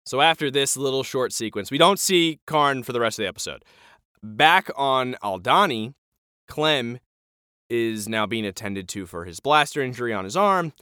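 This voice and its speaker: A man's voice: mid-range voice, moderate pace, clean tone, dry recording, studio quality. A man co-hosting a podcast, retelling a TV episode in casual chat and acting out the lines as he goes. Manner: animated retelling with acted-out quotes. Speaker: podcast co-host.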